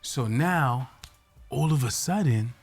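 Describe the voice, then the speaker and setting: A man with a Haitian accent speaks in a mid-range, husky voice, slowly but with lively intonation, as faint music plays behind. Co-hosting a casual talk show chat in New York, he tells a story and acts out his own reactions.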